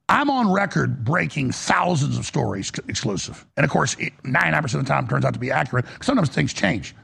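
A man's voice: sits high, vocal fry, a bit bright, husky. A man ranting as a political commentator in a heated, exasperated monologue, blunt and profane.

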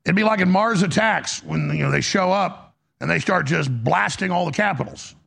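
A man's voice: high voice, normal speed, vocal fry, fairly bright tone. A man hosting a political commentary show, heated and emphatic, often restarting his sentences.

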